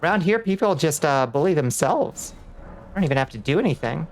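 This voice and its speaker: A woman's voice: sits low, lively intonation, brisk, darkish tone, faint music behind. A woman streaming a video game, chatting casually with her viewers, laughing often and thanking them as she plays.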